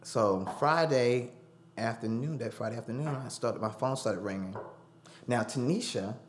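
A man's voice: medium pitch, normal speed, slight background noise. A man telling a personal story as a studio guest, acting out the voices he quotes. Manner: animated, acts out quoted voices. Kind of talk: storytelling interview.

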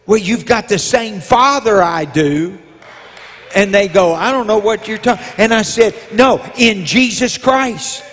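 An older man, a bishop preaching a sermon, breaking into shouted calls to the congregation. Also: high-pitched. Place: large church sanctuary. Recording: long hall reverb.

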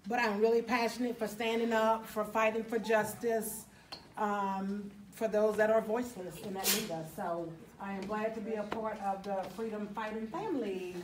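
A woman's voice: mid-range voice, steady tone, moderate pace, background noise. A woman from Louisiana introducing herself to a group of fellow activists, earnest and talkative. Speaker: activist at a meet and greet. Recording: echoey room, mic far off, crowd behind.

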